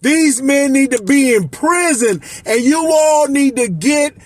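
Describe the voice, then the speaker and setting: A man in his fifties from Miami, a life coach, delivering an impassioned, profane, shouting monologue. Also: very high voice, animated, measured pace. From Miami, United States. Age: 50s. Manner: shouting, profane, emotional ranting.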